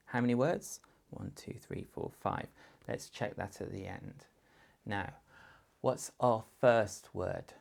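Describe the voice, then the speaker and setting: A male teacher speaks in a low register with a gravelly, creaky edge. He talks slowly and patiently, sounding out letters and words one at a time. His manner is that of a primary school teacher guiding parents. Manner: slow, patient, demonstrates sentences and sounds in different voices. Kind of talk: instructional talk to parents.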